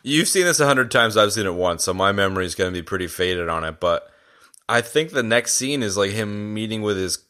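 A man's voice: fairly low pitch, lively intonation, a little fast, bright, forceful tone. A man co-hosting a movie podcast, recounting scenes and breaking into laughter as he talks. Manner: giggly storyteller, laughs mid-sentence. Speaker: podcast co-host. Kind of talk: casual movie review chat.

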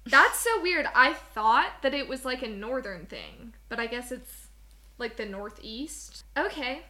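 A woman's voice: a little high, big pitch swings, measured pace, sharp tone. A young woman co-hosting a podcast, chatting casually, giggling and reading bits aloud from an article. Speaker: podcast co-host. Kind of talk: casual chat.

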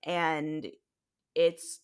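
This is a young woman with an American accent, co-hosting a casual podcast. Her voice sits low for a woman. She talks easily and fills her pauses with ums and likes. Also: level tone, clean tone. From United States. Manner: chatty, frequent ums and likes. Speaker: podcast co-host. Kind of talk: conversational podcast discussion.

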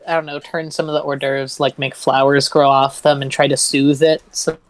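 A woman's voice: a bass voice, flat delivery, normal speed, no room sound. A woman playing in a tabletop game, thinking aloud in a hesitant way with many fillers. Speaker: player. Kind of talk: tabletop game play, casual.

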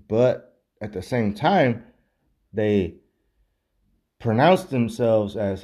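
A man's voice: on the low side, a little slow, long pauses, darkish tone. A man ranting in a casual, rambling way and swearing constantly while drinking beer. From United States. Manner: profane, rambling, heavy swearing.

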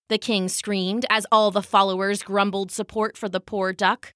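A woman narrating a children's story as a podcast host, with expressive, animated delivery. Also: mid-range voice, moderate pace, no echo, studio quality.

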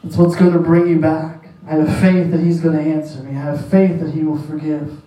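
A man's voice: on the high side, level tone, a little fast, mellow. A male pastor delivering a sermon, emphatic and repetitive in his preaching. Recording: echoey room, distant mic.

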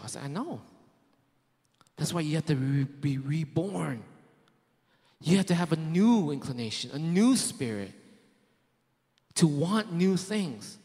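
A man's voice: fairly high pitch, animated, moderate pace, long pauses, darkish tone. Man preaching in a reverberant hall. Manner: conversational, rhetorical questions, frequent fillers and restarts. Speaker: pastor. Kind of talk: sermon.

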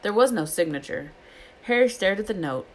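A woman's voice: mid-range voice, moderate pace, low-quality recording. A woman reading a children's novel aloud and acting out the characters' lines in her own voice. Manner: reads with lively character voices. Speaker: reader.

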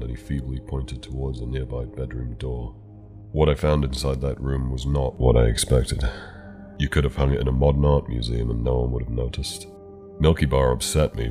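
A man narrating a horror story in a calm, measured way. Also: extremely low pitch. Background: soft background music.

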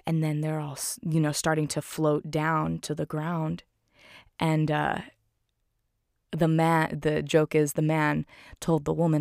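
A woman's voice: deep voice, steady tone, measured pace, gravelly, darkish tone, no room sound, studio quality. A woman recapping a film in a casual, enthusiastic way, full of fillers and "like".

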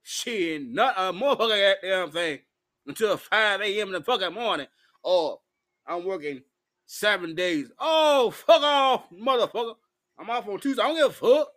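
A man's voice: sits high, lively intonation, moderate pace, fairly bright tone. A drunk man ranting in a profane, rambling monologue, hiccuping as he talks. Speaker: vlogger.

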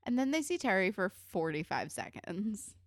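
A woman's voice: medium pitch, big pitch swings, normal speed, no echo, clean studio sound. A woman co-hosting a casual TV recap podcast, talking bluntly and swearing freely in exasperated rants. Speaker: podcast co-host.

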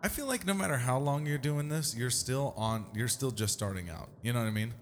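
A man's voice: mid-range voice, animated, brisk, slight background noise. A man co-hosting a paranormal podcast, casual and joking, with playful asides. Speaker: podcast co-host. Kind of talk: casual chat.

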